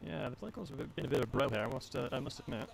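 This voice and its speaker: A young streamer jokes about himself and chats casually during a strategy game tournament match. He speaks very fast in a gravelly, medium-pitched voice with lively intonation, and a little hiss or hum sits in the recording.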